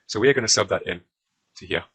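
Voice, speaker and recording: A man's voice: on the low side, fast talker, fairly bright tone, slightly rough, low-quality recording. A man with a British accent talking through a maths exam question as a tutor, often using fillers while he draws on a diagram. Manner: talks while drawing, with frequent fillers. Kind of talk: exam walkthrough lesson.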